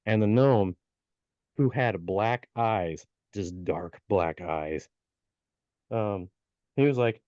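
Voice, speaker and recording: A slow, fairly low, dark-toned male voice, recorded dry, belongs to a podcast co-host. He casually tells a folk tale, leaning on fillers and restarting often, and the podcast sound is dull and lo-fi.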